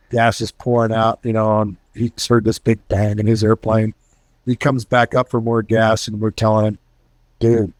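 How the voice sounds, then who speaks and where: A man's voice: medium pitch, no room sound. A middle-aged man, a retired military pilot and author, telling casual war stories to an audience and acting out the voices of the people in them. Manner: storytelling, acts out quoted voices.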